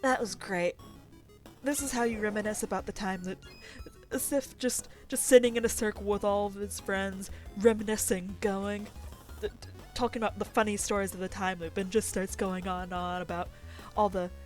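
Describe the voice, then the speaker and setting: Woman rambling through a let's play, jokes at her own expense, mid pitch, quiet game music behind. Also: fairly even intonation, moderate pace. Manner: rambling, self-deprecating, playful. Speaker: let's player. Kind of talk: casual gameplay commentary and reading game text aloud.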